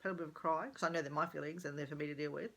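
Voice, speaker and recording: A woman's voice: low voice, fairly even intonation, rapid-fire, vocal fry, fairly bright tone. A middle-aged woman talking candidly in a rambling personal vlog, thinking aloud and correcting herself as she goes. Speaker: vlogger.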